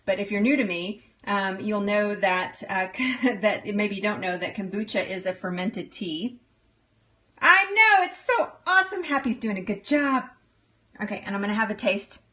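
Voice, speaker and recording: A woman's voice: medium pitch, steady tone, normal speed, fairly bright tone. A middle-aged woman hosting a casual live stream, bubbly and giggly as she answers viewer comments. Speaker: livestream host.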